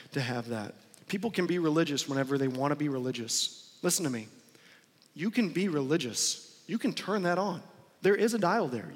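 Male pastor, slightly high voice, emphatic, driving sermon full of rhetorical questions, long church reverb. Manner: emphatic, repeats lines and asks rhetorical questions.

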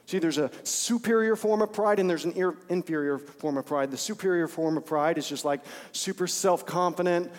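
A man's voice: a little high, moderate pace, few pauses. A man preaching an informal, conversational sermon, repeating phrases for emphasis. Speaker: pastor. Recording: long hall reverb.

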